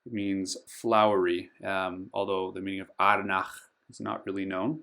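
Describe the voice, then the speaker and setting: A man with a gravelly, somewhat low voice gives a pronunciation tutorial and speaks in an unhurried, measured way. He stretches out and stresses each name he teaches and pauses often with ums between them. He sounds like a hobbyist host talking into a desktop mic. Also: fairly even intonation, fairly bright tone. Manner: slow and careful, stretching out the names he teaches, with frequent ums. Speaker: board game channel host. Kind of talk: pronunciation tutorial over a map.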